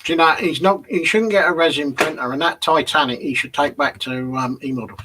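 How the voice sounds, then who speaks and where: A man's voice: a little high, fairly quick, noisy background. A man co-hosting a live stream, dropping dry, teasing remarks into casual chat.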